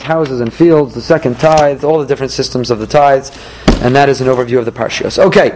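A man, a rabbi, giving an emphatic Torah class with rhetorical questions and animated delivery. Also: medium pitch, noisy background.

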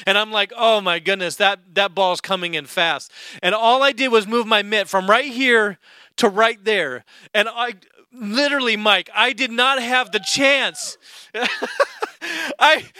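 A middle-aged male pastor with a very high, bright voice delivers a lively sermon story. He slips into voices of the people he describes. The sound is clear and smooth, close and dry with no room around it. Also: dry recording. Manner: animated, acts out voices in his story.

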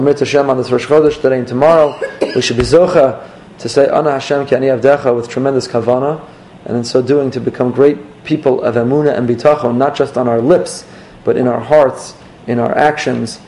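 Gravelly man giving an earnest sermon. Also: medium pitch, mellow, slight background noise. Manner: earnest storytelling with slow, emphatic phrases. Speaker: rabbi.

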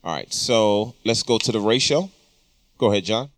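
A man's voice: on the low side, animated, moderate pace, no echo. A man teaching vocal compression in a recording studio, explaining casually with frequent ums. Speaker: audio engineering instructor. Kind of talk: studio tutorial talk.

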